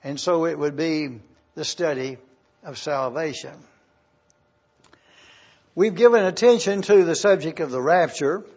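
Slow, deliberate high-voiced preacher. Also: male voice, darkish tone. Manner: slow and deliberate, spelling out terms. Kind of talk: teaching sermon with scripture reading. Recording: dull lo-fi sermon recording.

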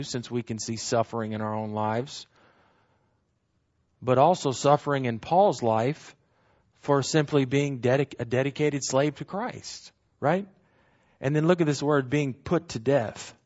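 A man leads a bible lesson, walking through scripture and defining its words. His voice sits at an ordinary middle pitch, and he repeats key lines for emphasis. The recording sounds a bit muffled and lo-fi. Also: darkish tone. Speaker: bible teacher. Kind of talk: verse-by-verse bible teaching.

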